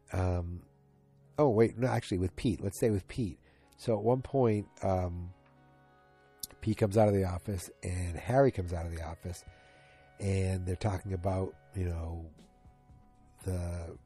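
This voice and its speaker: A man's voice: deep voice, dark tone, slightly rough. A man casually recapping a TV episode, rambling with many fillers and restarts.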